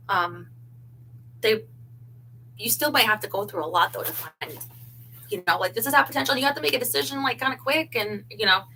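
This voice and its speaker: Poor audio with slight background noise carries a mid-range, bright, forceful voice. The woman hosts a casual livestream, unboxing and looking through clothes while chatting loosely and giggling, using fillers such as "um" and "you know."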